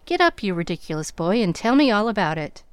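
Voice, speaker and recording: A woman's voice: medium pitch, very animated, fairly quick, clear, resonant tone, no room sound, lightly acted. A woman voicing a spirited, impulsive young woman who exclaims and teases in an audiobook reading. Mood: excited teasing.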